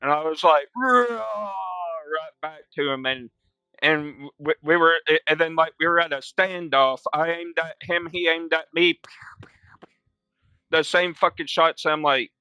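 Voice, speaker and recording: A young man streaming a game, telling stories in casual, profane slang, breaking into loud quoted voices. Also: fairly high pitch, steady tone, a little slow, clear, resonant tone, no room sound, dull audio. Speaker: gaming streamer. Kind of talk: casual storytelling while playing.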